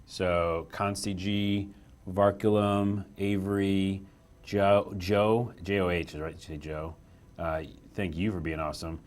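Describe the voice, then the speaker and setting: A man's voice: deep voice, level tone, unhurried. A young man hosting a casual live stream from a small office room, chatty and self-deprecating as he reads the chat aloud.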